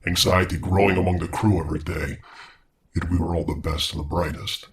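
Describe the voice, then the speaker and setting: A man's voice: sits low, steady tone, brisk, lightly acted. A man voicing an erratic, vengeful male scientist in a horror audio story, using a put-on British accent. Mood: grave. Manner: grave, erratic, swings to frantic outbursts.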